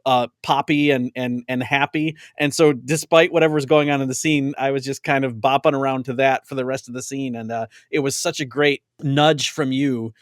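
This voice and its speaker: A man hosts a relaxed conversation and reminisces in a friendly way, laughing easily as he talks. His voice has a mid-range pitch, and the recording is dry and close. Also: moderate pace, hardly any pauses, no echo. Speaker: podcast host. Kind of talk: casual conversation.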